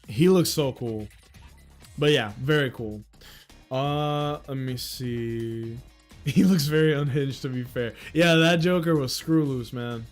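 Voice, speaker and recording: A young man chatting casually on a livestream, excitable and swearing, with sudden loud outbursts. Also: medium pitch, takes it slowly, faint music behind. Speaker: streamer.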